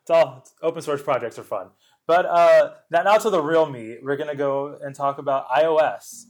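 A man's voice: fairly high pitch, steady tone, normal speed. A man co-hosting a casual tech podcast, explaining technical matters in a knowledgeable, wry way. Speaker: podcast co-host.

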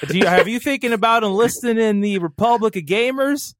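A man's voice: high voice, a little fast, background noise, pitched above the performer's own voice, close to an everyday voice. A man voicing a pushy male phone carrier sales rep in a fake Canadian accent.

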